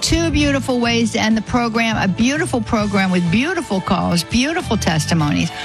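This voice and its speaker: A woman's voice: a little high, animated, fairly quick, over music, low-quality recording. A woman hosting a call-in radio show, talking in an effusive, heartfelt way and thanking callers over and over. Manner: warm, effusive, repeats "beautiful" often. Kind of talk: Catholic radio call-in chat.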